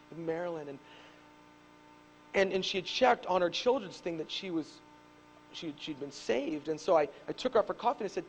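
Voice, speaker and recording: High-voiced pastor preaching with animated stories. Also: male voice, dull audio, slight background noise. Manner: animated storytelling, shouts on key points. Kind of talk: sermon. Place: church.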